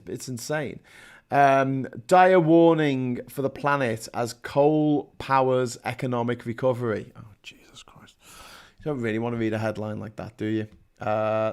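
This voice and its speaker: A man's voice: medium pitch, smooth. A man with a Scouse accent hosting a live call-in stream, chatting and reading news headlines with sarcastic asides. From Liverpool, England. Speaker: live-stream chat show host. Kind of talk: casual chat reading headlines.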